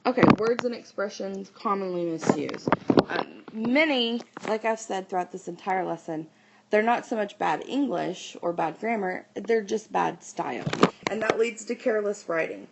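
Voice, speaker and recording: A woman teacher explaining writing style in a recorded lesson, often pausing on "okay" and "um". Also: mid-range voice, vocal fry, heavy background noise.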